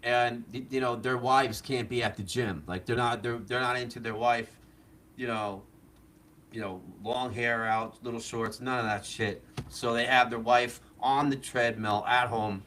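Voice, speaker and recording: A man's voice: mid-range voice, steady tone, measured pace, a bit bright, a little hiss or hum. Rambling man telling a story. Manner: rambling, laughing, many fillers. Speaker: guest on a live show. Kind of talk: casual storytelling. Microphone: wearing a mask.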